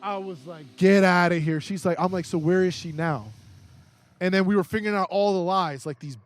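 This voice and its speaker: Excitable young man telling a profane story. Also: high-pitched, brisk. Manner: profane, acts out quoted voices; excitable, restarts often. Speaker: podcast guest. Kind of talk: casual storytelling. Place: indoors, podcast recording.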